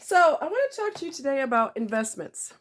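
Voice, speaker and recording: A woman from the northeastern United States, talking casually to camera as a self-help vlogger, chatty and quick to laugh, repeating words for emphasis. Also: high voice, sing-song, a bit bright.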